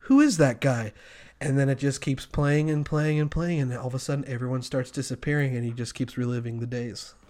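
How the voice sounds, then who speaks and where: A man in casual comedic chat, playfully pitching a made-up movie plot and doing quick voices. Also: little pitch movement, darkish tone. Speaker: podcast co-host.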